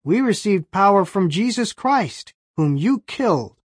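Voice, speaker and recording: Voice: mid-range voice, sing-song, measured pace, breathy edge, no echo, studio quality. The narrator voicing Peter, a bold male apostle, speaking firmly in a storybook reading.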